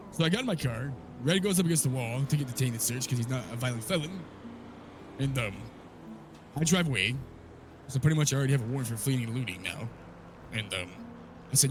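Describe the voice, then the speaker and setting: A man recapping a wild story in character, swearing a lot and telling it with animated energy. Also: medium pitch, fast talker, over music.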